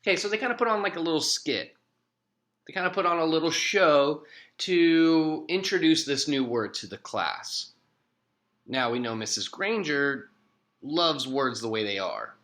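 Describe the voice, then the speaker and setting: A man reading a children's book aloud to students and pausing to explain it in a friendly, expressive way. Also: mid-range voice. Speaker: teacher.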